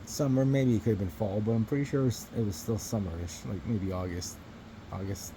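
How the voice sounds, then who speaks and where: A man's voice: fairly low pitch, brisk, background noise. A man vlogging to his phone camera, telling a rambling story in a casual, profane way and chuckling between remarks.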